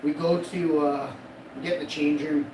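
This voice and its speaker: A man's voice: on the high side, steady tone, normal speed. A man in his forties streaming live, telling a rambling, boastful, profane story and laughing at his own jokes. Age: 40s. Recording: echoey room, distant mic, loud background noise.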